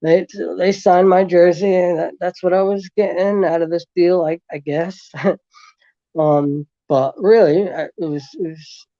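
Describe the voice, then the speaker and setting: A man guest telling a long story in casual chat, rambling with many fillers and restarts, and getting animated as he retells events. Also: high voice, unhurried, no room sound, dull audio.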